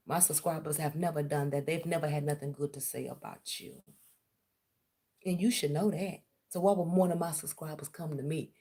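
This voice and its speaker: Speaking low and dark, this vlogger launches into a confrontational rant, sarcastically charging someone with spying on her.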